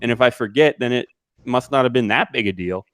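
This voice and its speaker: A man's voice: mid-range voice, a little fast, fairly bright tone, clear, resonant tone, no room sound. Easy-laughing male co-host, dry sound. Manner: laughs easily, stumbles and restarts. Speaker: podcast co-host. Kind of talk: casual chat.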